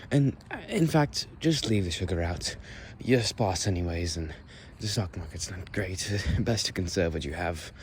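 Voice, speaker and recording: A man voicing a fussy, genteel Victorian English gentleman in a put-on posh British accent, with a prim, mannered delivery. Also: deep voice, expressive, moderate pace, few pauses, slight background noise.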